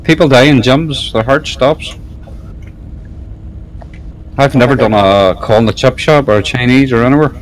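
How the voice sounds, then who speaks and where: A man's voice: mid-range voice, normal speed, long pauses, poor audio. A man bantering on a friend's stream, blunt, matter-of-fact and sweary. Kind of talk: casual banter. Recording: game engine noise behind.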